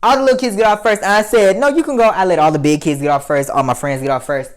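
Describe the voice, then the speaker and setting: A man telling a casual story to his viewers, animated and profane, swinging between loud outbursts and muttered asides. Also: on the high side, fast talker. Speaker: vlogger.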